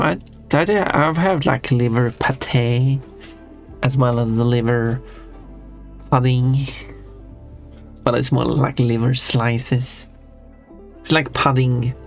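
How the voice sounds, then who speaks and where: Unhurried streamer, mid-pitched voice, rambling casual chat, drawing while talking, faint music behind. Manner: rambling and self-interrupting; playful, hums to themself.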